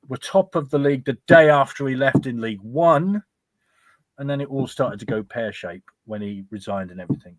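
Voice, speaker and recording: A man's voice: mid-range voice, no echo. A man hosting a casual fan talk show, chatty and reading out listener messages. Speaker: host.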